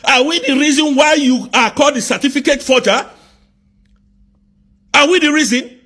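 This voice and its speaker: Angry high-voiced Nigerian man ranting. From southeast Nigeria. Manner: angry, accusatory, rapid rhetorical questions, bursts of shouting. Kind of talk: angry live political rant.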